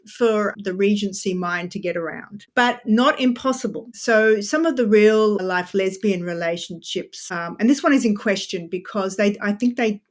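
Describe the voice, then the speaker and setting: A woman author talks as a podcast guest, her voice sitting at an ordinary middle pitch. She explains history in a chatty, animated way. She keeps breaking off into asides as she goes. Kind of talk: podcast interview.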